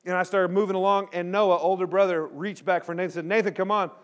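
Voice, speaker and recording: A man with a slightly high voice delivers a storytelling sermon to a live audience of students. He acts out the people in his story with lively energy, then settles into a quiet, earnest tone to drive his point home. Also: quick pace, lo-fi sound. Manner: drops to a quiet, earnest tone at the close.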